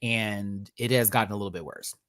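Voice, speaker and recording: A man, hosting a casual livestream from home, chatty and expressive, swearing freely and thanking viewers as he tells stories. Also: fairly low pitch, fairly quick. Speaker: livestream host. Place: home, indoors.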